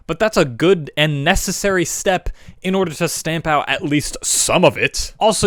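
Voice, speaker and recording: A man giving a mocking, sarcastic movie review with deadpan asides, recorded as a close voice-over. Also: a little high, no room sound. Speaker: YouTube film critic.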